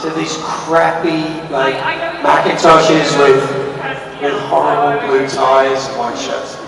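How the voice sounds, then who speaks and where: A man's voice: fairly high pitch, level tone, takes it slowly, gravelly. A middle-aged man teasing fans playfully as a guest on a convention panel. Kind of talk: joking Q&A with fans. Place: huge convention hall. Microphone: handheld mic, filmed from far in the audience. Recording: echoey hall recorded from far off. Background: crowd laughter, noise.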